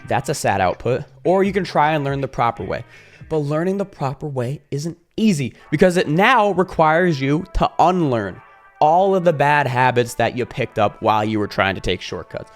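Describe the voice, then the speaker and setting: Animated, swearing male YouTuber. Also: a little high, normal speed, faint music behind. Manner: animated, swears freely, acts out scenes. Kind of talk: casual vlog monologue.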